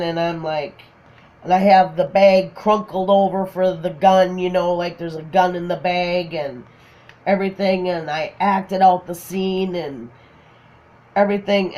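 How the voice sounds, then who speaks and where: A middle-aged grandmother tells family stories at an unhurried, easy pace. She laughs often as she talks and slips into little acted-out voices for the people in her tales. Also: lowish voice, darkish tone. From Minnesota, USA. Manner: laughs often, acts out quotes. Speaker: crafting channel host. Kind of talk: casual storytelling chat.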